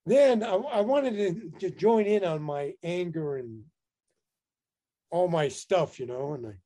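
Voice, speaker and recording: A man telling a personal story in a casual interview, animated and laughing often as he talks. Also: sits high, unhurried. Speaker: interview guest.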